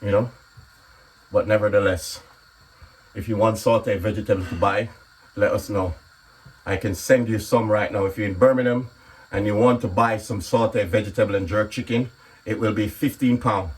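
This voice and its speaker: A man's voice: fairly low pitch, fairly even intonation, normal speed, long pauses, slightly rough. A man talking casually through a home cooking video, often checking in with "okay?" as he explains. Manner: chatty, repeats "okay?" often. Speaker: comedian and cooking vlogger. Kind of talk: casual cooking vlog chat. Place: home kitchen.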